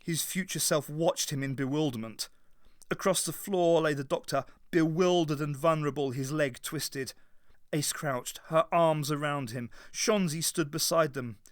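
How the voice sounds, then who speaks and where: A man reads an audiobook aloud in a dramatic, measured way. His voice sits a little high for a man and is recorded close and dry, with no room sound. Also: no room sound. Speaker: audiobook reader. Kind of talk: scripted narration.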